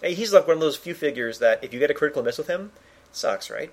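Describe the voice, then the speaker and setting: A man's voice: a little high, lively intonation, fast talker. A man with a Canadian accent, co-hosting a casual chat about a miniatures game with enthusiastic, playful asides.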